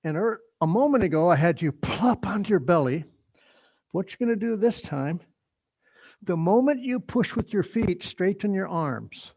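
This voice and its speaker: A middle-aged man leading a yoga workshop, giving instructions in a relaxed, chatty way with joking asides. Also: high-pitched, moderate pace, dry recording, dull audio. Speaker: yoga teacher.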